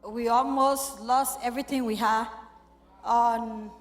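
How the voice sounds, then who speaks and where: A woman's voice: fairly high pitch, fairly even intonation, slow. A middle-aged woman telling an emotional story as a church testimony, quoting the people in it. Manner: emotional, storytelling with quoted dialogue. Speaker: church member giving testimony. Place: church hall. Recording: echoey church hall with faint music.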